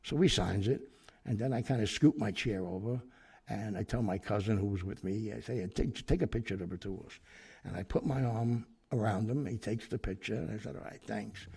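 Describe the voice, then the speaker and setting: A man telling an anecdote in a lively way, acting out the people he quotes, with fillers and restarts. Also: fairly low pitch, a little fast, creaky, husky. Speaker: storyteller guest.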